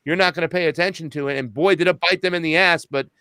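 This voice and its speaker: A man in casual chat, telling a story with lively quoted dialogue. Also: a little high, fast, clear, resonant tone, dry recording. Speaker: podcast host and activist guest.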